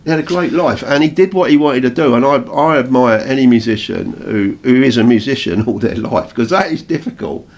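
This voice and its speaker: A man with an English accent, co-hosting a radio show and telling anecdotes in a casual, animated way with frequent laughs. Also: medium pitch, fairly quick, creaky, hardly any pauses. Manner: storytelling, animated, laughs often. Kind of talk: casual reminiscing chat.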